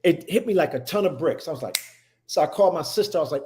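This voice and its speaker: A man's voice: a little high, expressive, quick pace, warm tone, slight background noise. A man who is a guest on a talk show, telling a personal story with emphasis and many restarts. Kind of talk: personal storytelling in casual chat.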